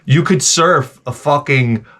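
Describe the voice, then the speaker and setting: A man's voice: mid-range voice, slow pace. A man giving a profane, rambling comic rant to camera. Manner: profane, animated, jumps between tangents. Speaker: vlogger.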